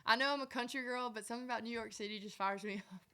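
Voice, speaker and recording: A woman's voice: fairly high pitch, rapid-fire, pushed and bright. A young woman from Mississippi with a thick Southern country accent, chatting as a guest in a casual interview and often trailing off. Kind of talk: casual chat.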